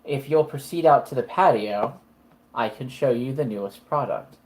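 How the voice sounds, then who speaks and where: A man's voice: medium pitch, moderate pace, darkish tone, lightly acted, rough recording. A man voicing a courteous male crime boss who welcomes his guests formally. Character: smooth male crime boss host, polite.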